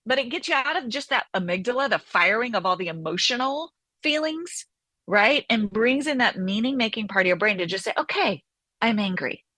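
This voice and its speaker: Bright, lively woman therapist. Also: fairly high pitch, brisk, dry recording. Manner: animated, acts out inner voices. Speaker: therapist and author guest. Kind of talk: conversational interview.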